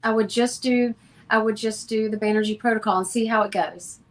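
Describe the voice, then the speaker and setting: A woman speaking as a homeopath guest in an interview, giving advice in a calm, matter-of-fact, instructive way. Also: a little high, brisk.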